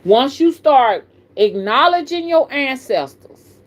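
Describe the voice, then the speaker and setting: Southern woman host, middle-aged, folksy and animated, talks straight to her audience. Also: high voice, slow. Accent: Southern American. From American South. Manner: folksy, animated, addresses viewers as y'all. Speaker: spiritual reader and channel host. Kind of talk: casual live-stream talk.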